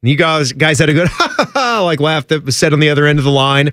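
A man co-hosting a casual sports radio talk show, laughing often and jumping into quick asides. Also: fairly high pitch, a bit bright, no echo, studio quality.

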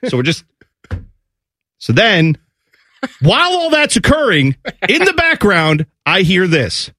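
A man's voice: on the high side, big pitch swings, moderate pace, fairly bright tone, breathy edge, no room sound, studio quality. A man hosting a morning radio show, telling a funny family story with lots of laughter and acted-out voices.

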